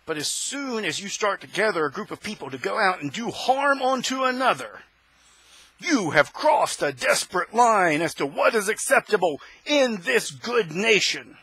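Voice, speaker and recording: A male host delivering an impassioned opinion monologue, preaching and rising to shouts. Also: sits high, very animated, moderate pace, husky, rough recording.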